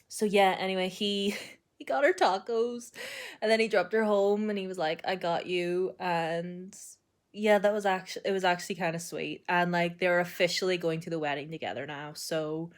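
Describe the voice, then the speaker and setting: A young woman chatting casually in a reading vlog, excitable and full of fillers and laughs. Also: medium pitch. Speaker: book vlogger.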